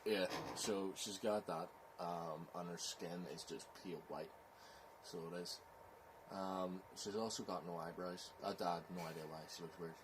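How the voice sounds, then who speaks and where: A man with a Belfast accent, telling a scary story in slow, rambling casual chat, with "so it is" tags. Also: low voice, steady tone, noisy background. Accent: Northern Irish, Belfast.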